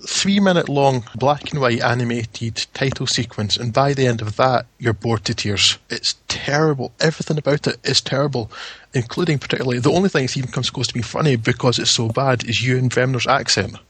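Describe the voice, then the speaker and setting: A man's voice: mid-range voice, a little fast, a bit bright, husky, dry recording. A man reviewing a film on the radio, exasperated and mocking. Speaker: film critic.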